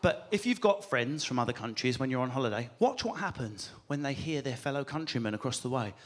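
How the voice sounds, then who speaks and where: A British man performing a stand-up comedy set, animated and swearing as he acts out characters. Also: medium pitch, brisk. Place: live comedy venue with audience.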